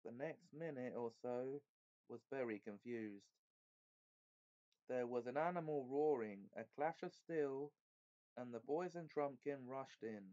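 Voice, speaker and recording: A man narrating a children's fantasy chapter book aloud in a measured, expressive way. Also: medium pitch, lo-fi sound. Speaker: audiobook reader. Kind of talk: storybook narration.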